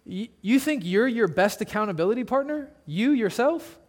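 Male pastor, higher voice, earnest sermon delivery with emphatic hushed drops. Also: lively intonation, normal speed. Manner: earnest, emphatic preaching with sudden drops to a low hush. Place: church.

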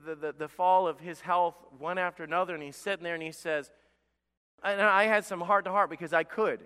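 Impassioned high-voiced pastor preaching. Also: male voice, sharp tone, long reverb tail. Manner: impassioned, repetitive stammering restarts. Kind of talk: sermon.

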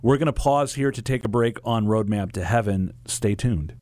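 A man with a fairly low voice hosts a radio program, friendly and sincere as he thanks guests and reads a quiz. The studio sound is dry and close to the mic. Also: moderate pace, a little mellow, no echo. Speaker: radio host. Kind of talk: radio show hosting.

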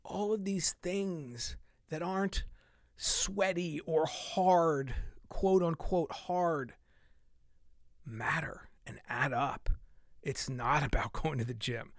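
Animated middle-aged man, dry close sound. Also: fairly high pitch, slow, no echo. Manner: animated, laughs often, drops to soft asides. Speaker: fitness podcast host. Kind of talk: casual solo podcast monologue.

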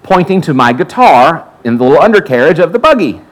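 In a sermon, a pastor with a slightly high voice speaks briskly while sharing a personal anecdote, dramatically performing the lines of the people in it. The recording is of low quality.

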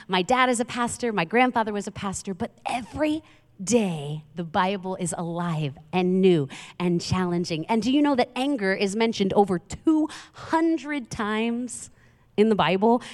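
Woman preaching in a reverberant hall. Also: mid-range voice. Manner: conversational, asks the audience questions. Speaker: pastor. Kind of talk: sermon.

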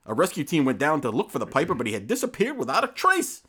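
Lively joking male podcast host. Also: on the high side, fast talker, slightly rough. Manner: jokey storytelling, reads from notes. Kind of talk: casual podcast chat.

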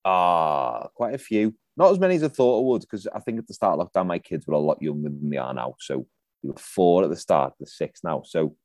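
A man's voice: deep voice, lively intonation, brisk, darkish tone, no echo, studio quality. A man in his thirties co-hosting a podcast in a laid-back, joking way, trailing off and restarting his sentences. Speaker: podcast co-host. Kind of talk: casual chat.

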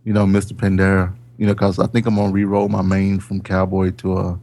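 Low-voiced man, rambling and hesitant. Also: monotone, brisk, warm tone. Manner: hesitant, rambling, many ums. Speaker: podcast co-host. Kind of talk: casual gaming podcast chat.

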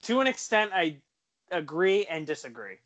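A man co-hosting a casual movie podcast, chiming in with relaxed comments. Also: a little high, normal speed, muffled recording. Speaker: co-host. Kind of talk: casual chat.

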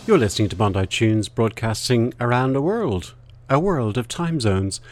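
A man's voice: medium pitch, animated, normal speed, soft background music. A man hosting a casual chat show, talking in rambling, chatty asides. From Australia. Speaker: host.

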